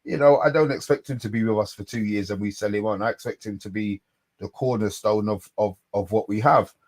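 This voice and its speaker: A man co-hosting a live fan stream, excitable and slangy, often repeating himself. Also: fairly low pitch, brisk. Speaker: podcast co-host.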